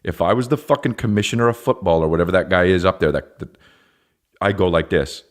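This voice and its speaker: A man's voice: sits low, fast. A man hosting a comedy podcast, ranting in exasperated, profane bursts and slipping into mock voices. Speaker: podcast host. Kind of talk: comedic rant.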